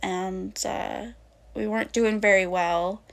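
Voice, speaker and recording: A woman's voice: medium pitch, fairly even intonation, slow pace, creaky. A woman streamer in casual, rambling chat who wanders off on tangents and swears offhandedly. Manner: rambling, goes off on tangents, many fillers. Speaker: VTuber streamer.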